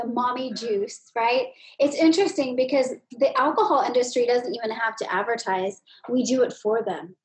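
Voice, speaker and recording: Chatty, higher-voiced woman host. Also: poor audio. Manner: chatty, with many fillers and asides. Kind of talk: podcast conversation.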